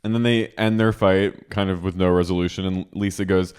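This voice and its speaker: A man's voice: low voice, brisk, clear, resonant tone. A man co-hosting a podcast, casually recapping a reality show and acting out the quotes with animation. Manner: animated storyteller, acts out quotes. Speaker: podcast co-host.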